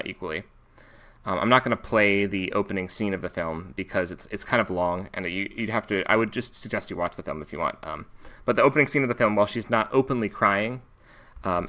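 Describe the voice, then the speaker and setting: A man's voice: fairly low pitch, a bit bright. A man from Alaska with an American accent, talking casually through a book review with frequent restarts and fillers. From Alaska, United States. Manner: thoughtful, restarts and fillers, reads passages aloud.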